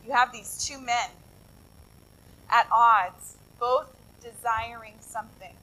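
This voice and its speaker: Bright, high-voiced woman pastor preaching. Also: slow pace, rough recording. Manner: conversational, lively retelling with asides to the congregation. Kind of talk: sermon with Bible storytelling.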